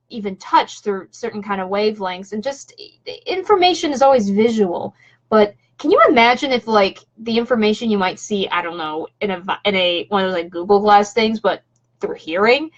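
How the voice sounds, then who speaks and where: A woman's voice: mid-range voice, lo-fi sound. A woman vlogger chatting casually on a home live stream, rambling with lots of fillers and restarts. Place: home room.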